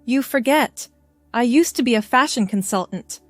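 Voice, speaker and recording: A woman doing a gentle, tender mother. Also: a little high, animated, moderate pace, no echo, faint music behind. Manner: soft, tender and soothing. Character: gentle loving middle-aged mother.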